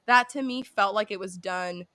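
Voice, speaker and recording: A woman co-hosting a podcast in casual chat, animated and sweary, often mimicking people. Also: mid-range voice, moderate pace, dry recording. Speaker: podcast co-host.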